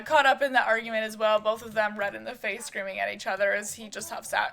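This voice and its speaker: A woman's voice: mid-range voice, steady tone, fast, vocal fry, few pauses, a bit bright. A woman casually narrating her own home-made life-sim soap opera, adding chatty asides.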